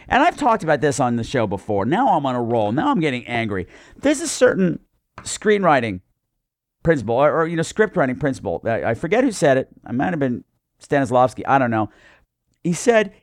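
A podcast host giving a heated, profane, sarcastic movie review. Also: male voice, medium pitch, huge pitch swings, brisk, dry recording, studio quality.

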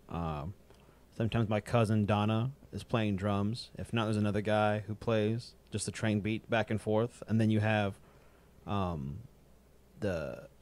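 A young man in casual podcast chat, rambling and animated, often imitating drum beats. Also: on the low side.

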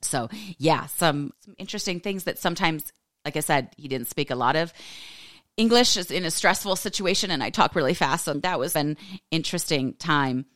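A woman's voice: low voice, normal speed, dry recording, clean studio sound. Laughing woman in her forties telling stories. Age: 40s. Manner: animated, laughing storyteller. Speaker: podcast host. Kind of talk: casual storytelling monologue.

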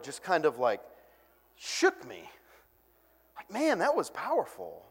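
A man preaching a sermon as a pastor, conversational and animated, acting out voices when he quotes people. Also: on the high side, slow pace, husky, long reverb tail.

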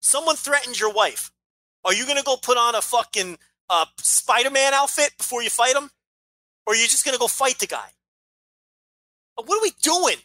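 A man co-hosts a podcast in a heated, profane rant. His voice swings widely up and down, and it sounds bright and sharp. The sound is close and dry. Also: very high voice, expressive, normal speed, dry recording. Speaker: podcast co-host. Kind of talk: casual podcast chat.

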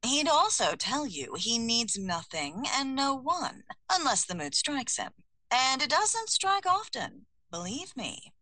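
A woman narrating a comic first-person audiobook in a lively, expressive way with a sense of comic timing. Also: high-pitched, takes it slowly, no echo, poor audio.

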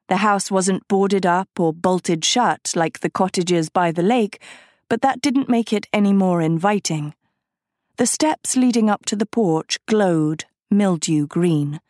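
Slow, dry-voiced woman narrator. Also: lowish voice, darkish tone, no echo. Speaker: audiobook narrator. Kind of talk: scripted narration.

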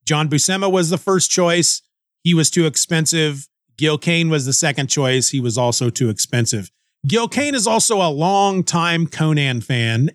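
Guy rambling about old comics on his podcast, kinda high voice, dry close sound. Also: fairly bright tone, no echo. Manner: rambling, joking, thinks aloud. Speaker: podcast host. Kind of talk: casual comic book review.

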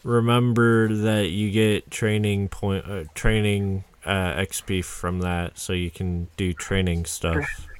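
A man's voice: fairly low pitch, little pitch movement, takes it slowly, clean tone. A man running a tabletop game as game master, hesitant, with many fillers.

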